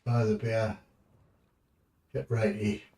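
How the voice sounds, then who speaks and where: Chatty English streamer, unhurried and a bit deep, casual swearing, off-mic distance. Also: male voice, level tone, mellow. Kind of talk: casual gaming commentary.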